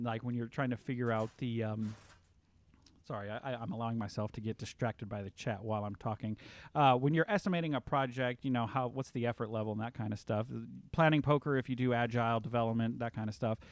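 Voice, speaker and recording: Rambling man streamer, lots of fillers. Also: medium pitch. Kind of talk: casual livestream chat.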